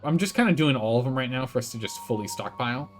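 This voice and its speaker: A man's voice: medium pitch, animated, fast talker, faint music behind. A man casually commentating his building game on a live stream, thinking aloud, answering chat and laughing often.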